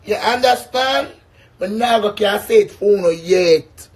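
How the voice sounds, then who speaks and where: A man's voice: high voice, measured pace. A man from Jamaica with a Jamaican accent, ranting casually to his viewers in a brash, boastful way, swearing often. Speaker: vlogger. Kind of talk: casual rant to camera.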